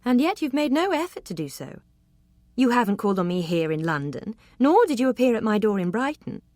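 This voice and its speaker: A woman's voice: fairly high pitch, very animated, fairly quick, darkish tone, no echo, pitched above the performer's own voice. A woman voicing a poised, cool young lady of rank in an audiobook, speaking in an arch and precise way. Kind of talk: audiobook character reading.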